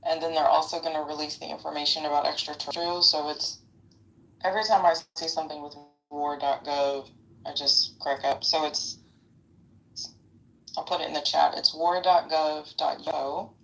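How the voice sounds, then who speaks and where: A woman's voice: sits low, steady tone, normal speed, creaky, a bit bright, low-quality recording. A woman in her fifties chatting casually in a live audio room, rambling with lots of fillers. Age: 50s. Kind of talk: casual chat.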